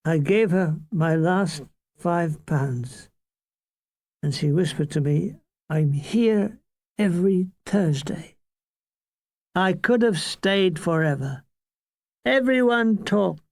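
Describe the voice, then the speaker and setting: An older man from Ireland, expressive and on the high side, reads his war memoir aloud with no room sound. He tells it in a dry, funny storytelling manner, breaking off for quick asides and mock voices.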